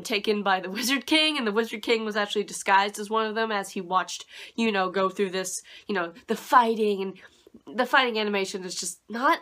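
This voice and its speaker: Woman reviewer, rambling and unimpressed, crisp bright voice, casual chat. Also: medium pitch. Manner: rambling, dismissive, laughs often. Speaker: anime reviewer.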